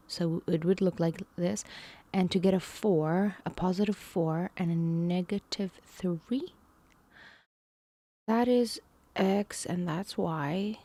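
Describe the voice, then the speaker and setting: Slow, soft-spoken woman streamer. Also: fairly low pitch, dry recording. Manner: musing, hesitant, slips into whispers. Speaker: streamer learning math. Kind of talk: casual live-stream thinking aloud.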